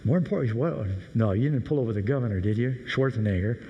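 A man's voice: mid-range voice, fast talker, in a large hall, highs cut off, a little hiss or hum, lightly acted. A man playing an incredulous police captain. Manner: quizzing, incredulous. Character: puzzled male police captain on the radio.

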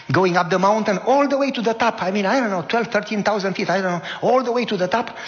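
A middle-aged man preaching a sermon, telling a story and acting out the voices of the people in it. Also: sits high. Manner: animated storytelling, acts out voices. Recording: dull, hall-like reverb.

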